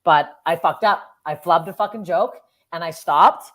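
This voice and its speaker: A woman's voice: fairly low pitch, moderate pace. A woman from Canada, a comedian guest on a podcast, telling stories casually and swearing freely. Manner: swears freely, animated quoted voices.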